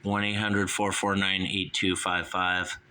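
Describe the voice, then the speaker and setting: A man's voice: low-pitched, little pitch movement, measured pace, sharp tone, clean tone. A man hosting a call-in show, ranting heatedly and swearing.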